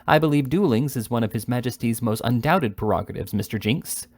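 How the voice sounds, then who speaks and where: A man's voice: mid-range voice, lively intonation, fairly quick, darkish tone, no echo. A man voicing a pompous, self-important country magistrate in a read-aloud novel, with a lofty delivery.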